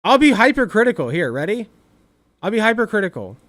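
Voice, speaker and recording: Young guy reacting to clips, kinda high voice, swoops all over, swears a lot. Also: big pitch swings, fairly quick, a bit bright. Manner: blunt and profane, repeats himself for emphasis. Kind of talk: casual reaction commentary.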